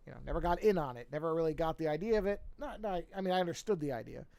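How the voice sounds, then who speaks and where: A man in his forties chats casually while drawing on a live stream, rambling, correcting himself, and tossing out chatty asides. He's yawning and a bit sleepy, and his slightly high voice is gravelly, a little mellow, and very fast.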